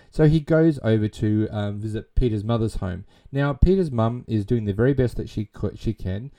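A man with a low, very dark and mellow voice rambles through a film's plot in a casual retelling. He leans on constant fillers and casual swearing as he goes. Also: normal speed, few pauses. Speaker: film recap narrator.

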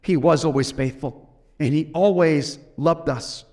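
Brief: male preacher as apostle John, an earnest, insistent grown man with a high voice. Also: measured pace, a little mellow, close to an everyday voice.

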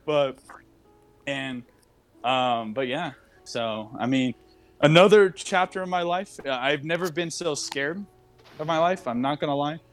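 A man's voice: fairly high pitch, measured pace, a bit bright, soft background music. A young man hosting a casual podcast from his desk at home, talking in a rambling, candid way full of fillers and restarts. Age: young adult. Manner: rambling, open and candid, with frequent fillers and self-interruptions. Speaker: podcast host. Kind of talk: casual chat.

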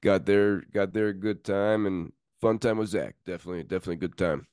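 A male podcast host with a notably low voice, easygoing and friendly as he chats sports. The recording is dry, with no room sound. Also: steady tone, a little fast, a little mellow, smooth, no echo. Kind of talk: casual sports podcast chat.

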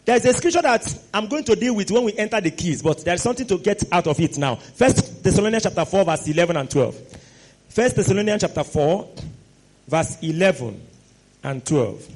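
A man preaching a sermon, animated and exclamatory, sometimes rising to shouts. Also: high voice, fairly quick, husky.

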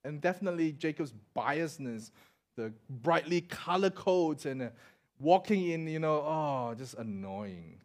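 Singaporean-accented man, middle-aged, lively sermon storyteller, fairly high voice. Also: unhurried. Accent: Singaporean English. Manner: animated, acts out voices in anecdotes, swings loud to soft. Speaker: preacher.

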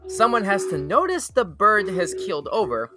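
A man's voice: high-pitched, very animated, moderate pace, over loud music. A man hosting a live weird-news show, reading articles aloud and rambling through his thoughts with many fillers and restarts. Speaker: show host. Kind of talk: casual live news chat.

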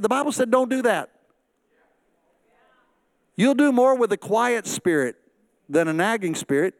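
A pastor preaching with a high, bright-pitched man's voice, close and dry with no room around it. He is middle-aged and breaks into quick acted quotes and humorous asides. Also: very animated, no room sound. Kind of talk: sermon.

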